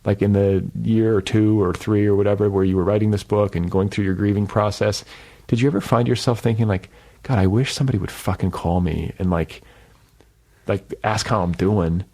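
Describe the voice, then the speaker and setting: A man's voice: on the low side, steady tone, fairly quick, mellow. A man hosting a podcast, talking candidly in a loose, self-deprecating way with frequent swearing and fillers. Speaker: podcast host. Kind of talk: casual conversation.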